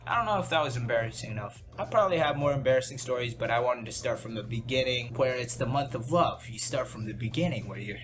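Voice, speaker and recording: A young man of middle pitch chats through a personal story in a loose, self-deprecating way, tripping over restarts and asides. Background music plays clearly under his voice throughout. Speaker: YouTube channel host. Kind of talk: casual storytelling vlog.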